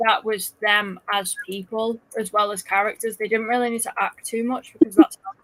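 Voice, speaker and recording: A woman's voice: medium pitch, fairly even intonation, brisk, fairly bright tone, no echo, low-quality recording. Hesitant woman chatting. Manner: hesitant, searching for words. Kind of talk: casual chat.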